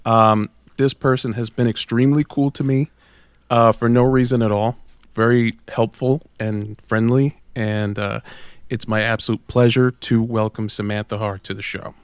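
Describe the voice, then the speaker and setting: A man's voice: medium pitch, steady tone, moderate pace, clean tone, dry recording. Enthusiastic male podcast co-host. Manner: enthusiastic, teasing. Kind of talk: casual podcast chat and ad read. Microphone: video call.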